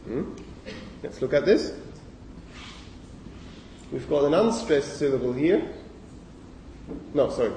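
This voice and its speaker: A man giving a university lecture on phonology in a lecture hall, speaking haltingly with many fillers and self-corrections. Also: on the high side, expressive, dark tone, a little hiss or hum. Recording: echoey lecture hall from far off.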